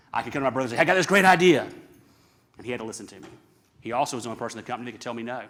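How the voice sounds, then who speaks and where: A middle-aged man from Georgia in the US, giving an energetic seminar talk full of emphatic rhetorical questions. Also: medium pitch. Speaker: seminar speaker.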